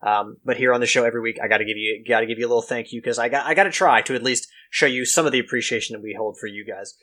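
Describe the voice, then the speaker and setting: A man co-hosting a podcast, talking in a relaxed, halting way with many fillers. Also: mid-range voice. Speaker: podcast co-host. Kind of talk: casual podcast chat.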